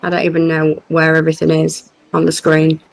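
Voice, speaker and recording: A woman's voice: deep voice, monotone, brisk, gravelly, poor audio. A woman playing a tabletop game online, flustered and apologetic as she loses her place. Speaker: player.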